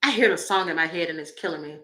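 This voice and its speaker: A woman's voice: low-pitched, quick pace, sharp tone, rough recording. A woman reading tarot on a casual livestream, blunt and profane, laughing often as she talks to her viewers. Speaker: tarot reader.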